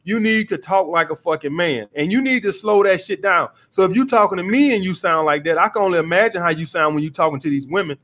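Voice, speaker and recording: A man's voice: sits high, lively intonation, fast, hardly any pauses, fairly bright tone. A man coaching callers on dating, lecturing bluntly and cursing freely. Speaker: dating coach taking calls. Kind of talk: call-in advice show.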